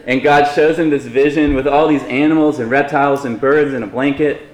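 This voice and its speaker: A man's voice: medium pitch, steady tone, fairly quick, reverberant. A man preaching a sermon in a conversational way, with light humorous asides to the congregation. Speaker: pastor.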